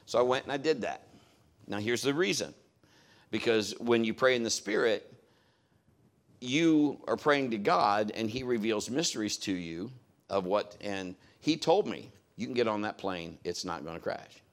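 A man preaching a sermon in a conversational style, telling a story and acting out what others said. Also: on the low side. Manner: conversational, acts out quoted voices.

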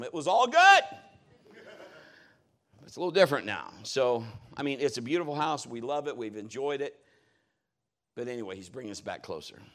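A middle-aged man preaching a sermon as a pastor, telling stories in an animated way with big swings in his voice. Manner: animated storytelling with lively swings in pitch.

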